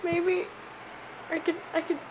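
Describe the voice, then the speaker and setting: A young woman with a very high, squeaky voice, talking slowly and panicking between nervous laughs and whimpers. She records on a phone in her bedroom, and the clip carries clear background noise. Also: flat delivery, muffled recording. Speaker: vlogger. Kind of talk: casual phone video. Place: bedroom at night. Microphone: phone camera. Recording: noisy home phone recording.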